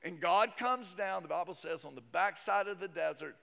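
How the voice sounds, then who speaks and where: A male pastor with a high voice preaches a sermon, talking casually and dropping joking asides. The sound has the long reverb of a large hall. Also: moderate pace, creaky, bright, forceful tone.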